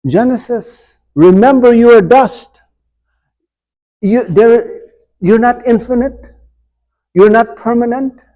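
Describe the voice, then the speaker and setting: A man's voice: high-pitched, a little mellow, poor audio. A man leading an informal church adult forum, asking the group questions and acting out scripture dialogue with humor. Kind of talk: informal Bible class teaching. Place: church room.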